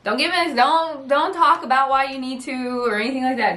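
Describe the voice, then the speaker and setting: Middle-aged woman caregiver, rambling chat, raised pitch, roomy home sound. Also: fairly even intonation, bright, forceful tone. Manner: rambling, quick, chatty. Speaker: caregiver and host. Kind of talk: casual chat answering viewer questions.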